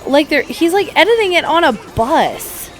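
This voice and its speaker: A woman's voice: high-pitched, big pitch swings, moderate pace. A woman co-hosting a gaming podcast, chatting casually during a playthrough and retelling stories with acted-out quotes. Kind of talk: casual chat over a game playthrough.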